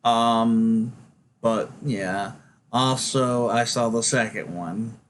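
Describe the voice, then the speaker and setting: Slow-talking playful man. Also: mid-range voice, slight background noise. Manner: playful, teasing. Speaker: co-host, fiancé. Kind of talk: casual livestream chat.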